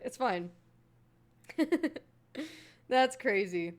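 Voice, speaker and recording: A woman's voice: on the high side, expressive, slow, pauses often. A woman streamer chatting casually while reacting to a video, playful, swearing and laughing a lot.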